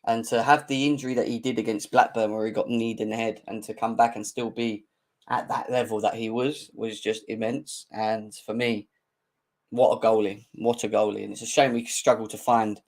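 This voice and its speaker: A young man hosting a live football fan stream, bantering and mocking rival fans in slangy, excitable talk. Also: normal speed. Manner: mocking banter, slangy, laughs often, mimics rival fans in squeaky voices. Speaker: football channel host.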